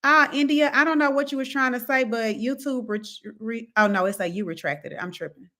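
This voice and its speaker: A young woman hosting a casual live stream, chatty and animated, reading viewer comments and laughing often. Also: fairly high pitch, a little fast.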